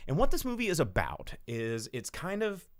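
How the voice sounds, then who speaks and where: A man's voice: a little high, huge pitch swings, normal speed, no echo, clean studio sound. A man hosting a show, casually recapping a film plot in a rambling, irreverent way with some swearing. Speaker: podcast host. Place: home studio.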